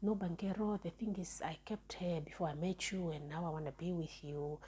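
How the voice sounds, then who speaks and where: A young boyfriend pleads softly and insistently to stay, voiced by a woman retelling a story. The voice stays low, mellow and very husky. It sounds like an everyday voice, with no put-on character. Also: steady tone, a little fast. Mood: pleading. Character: young man pleading with his girlfriend.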